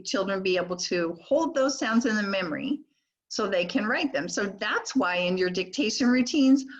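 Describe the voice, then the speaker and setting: Older woman teaching, sounds out slowly. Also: medium pitch, lo-fi sound. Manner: slow, deliberate modeling of speech sounds. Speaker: literacy trainer. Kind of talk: recorded teacher training lecture.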